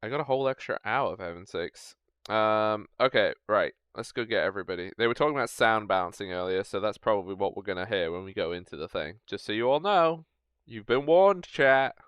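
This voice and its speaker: A man's voice: on the low side, animated, brisk, fairly bright tone, smooth, no room sound. A man hosting a streamed tabletop game as game master, chatty and joking. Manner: chatty, joking, self-correcting.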